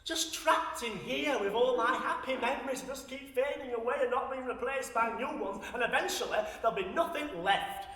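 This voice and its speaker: A man's voice: very high voice, moderate pace, hardly any pauses, sharp tone. An actor playing a lonely, foul-mouthed old woman from Sheffield in a stage monologue, blunt and darkly wry, swearing freely. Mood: bitter sardonic. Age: older. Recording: echoey hall recorded from a distance.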